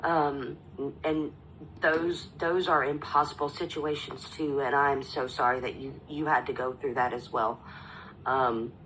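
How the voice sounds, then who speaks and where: A woman in her thirties speaking as a guest on a live stream panel, halting and tearful, with many pauses and fillers. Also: very deep voice, steady tone, a bit bright, slight background noise, poor audio. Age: 30s. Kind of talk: emotional live stream sharing.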